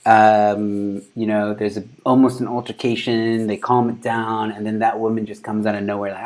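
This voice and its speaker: A man's voice: lowish voice, flat delivery, normal speed, hardly any pauses, darkish tone. A man hosting a casual news commentary show, rambling loosely and breaking into laughter often. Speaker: show host.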